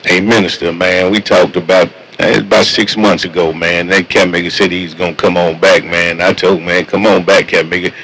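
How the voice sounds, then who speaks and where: A man's voice: low voice, flat delivery, normal speed, hardly any pauses, fairly bright tone, slight background noise, low-quality recording. A man talking with fellow truckers over CB radio in a laid-back, slangy way, repeating his catchphrases. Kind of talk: casual CB radio chat.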